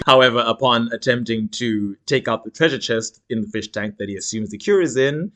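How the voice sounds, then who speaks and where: A man's voice: medium pitch, a little fast, hardly any pauses. A man co-hosting a podcast, casually recapping a TV episode and acting out the characters' quotes. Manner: animated storytelling, acts out quotes. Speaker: podcast co-host.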